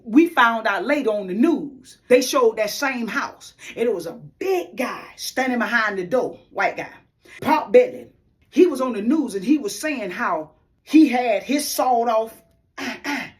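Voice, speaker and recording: A woman with a fairly high voice shares her faith testimony with viewers, preaching it, emphasizing her points and calling the audience "y'all." She frequently sinks into a hushed, almost whispered delivery.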